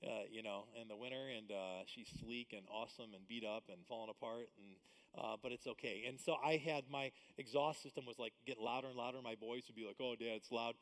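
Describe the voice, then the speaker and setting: A man preaching a live church sermon, swinging between loud emphatic bursts and hushed asides. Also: medium pitch, a little fast. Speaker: pastor. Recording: long hall reverb.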